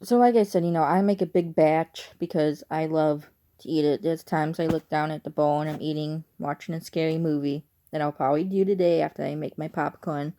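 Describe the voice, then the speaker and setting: A woman's voice: low voice, steady tone, a little fast, few pauses, mellow. A woman from Chicago with a speech impairment, chatting casually in a rambling, unsure way on her vlog. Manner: rambling, digressive, often unsure. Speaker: vlogger.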